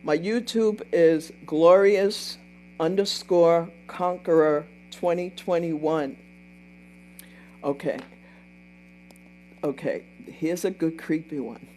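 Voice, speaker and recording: A woman's voice: deep voice, fairly even intonation, slow pace, long pauses, a little mellow, a little hiss or hum. An older woman hosting a casual livestream, telling a story in a chatty way, repeating herself and breaking off to thank and answer viewers. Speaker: livestream host.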